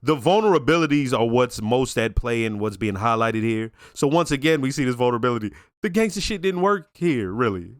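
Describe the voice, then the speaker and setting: A man's voice: mid-range voice, a little fast, few pauses, no room sound, studio quality. Slangy man giving casual commentary. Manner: casual slangy talk, reflective and animated. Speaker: show reaction reviewer.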